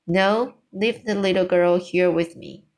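A woman's voice: fairly low pitch, steady tone, a little slow, darkish tone. A woman reading as a composed, formal queen. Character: calm dignified queen, older woman.

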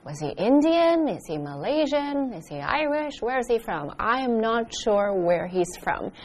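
A North American woman patiently explains words and gives example sentences in an English lesson. Her voice sits a little high, with a faint hiss in the background. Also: very animated, a little slow. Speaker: English teacher co-host.

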